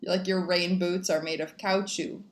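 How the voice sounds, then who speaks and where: A woman's voice: on the low side, flat delivery. Playful woman co-hosting a podcast. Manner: playful, quick to tease back. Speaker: podcast co-host. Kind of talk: casual podcast banter.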